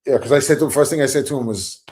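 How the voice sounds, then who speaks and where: A man's voice: mid-range voice, rapid-fire, darkish tone. A middle-aged Irish man telling a story in a casual chat, acting out the quotes and swearing freely. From Ireland. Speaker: guest rapper.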